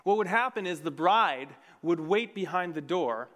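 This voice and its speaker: A man preaching a sermon in a church, earnest and conversational, with sudden swings between loud and soft. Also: high-pitched, expressive, normal speed. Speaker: pastor. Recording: long reverb of a large hall.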